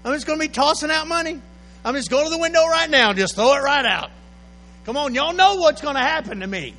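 An older man, preaching a sermon that swings from quiet storytelling to loud, shouted exhortation. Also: very high voice, expressive, fast. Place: church sanctuary. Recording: echoey hall with faint mains hum.

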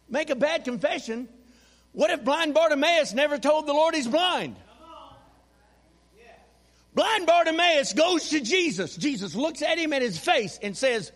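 A man preaching a sermon in a church, animated and calling on the congregation to repeat phrases back to him. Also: very high-pitched, a little slow, big-room sound. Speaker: pastor. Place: church sanctuary.

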